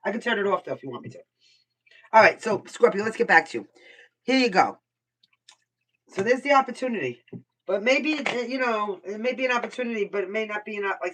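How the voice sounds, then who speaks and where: An older woman from Brooklyn, New York, does a casual live tarot reading, blunt, chatty and swearing freely. Her voice is medium-pitched and a little bright. She sits somewhat far from her computer mic.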